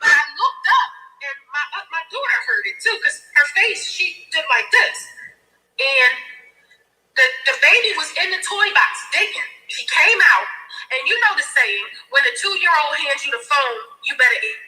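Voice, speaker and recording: Woman, middle-aged, crying, candid, swears, high bright voice. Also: animated, moderate pace, reverberant, soft background music, low-quality recording. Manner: tearful, candid, swears freely. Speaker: caller sharing a story. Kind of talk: emotional personal storytelling.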